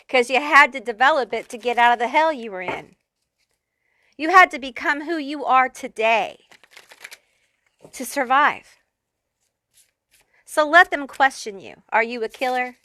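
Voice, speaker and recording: A woman reads tarot cards for the viewer in a blunt, foul-mouthed, fired-up way. Her voice is bright and forceful and sits a little high. It is close and dry, with no room sound. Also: measured pace, pauses often, no room sound. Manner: blunt, profane and fired-up, talking straight to the viewer. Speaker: tarot reader. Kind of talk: pick-a-card tarot reading.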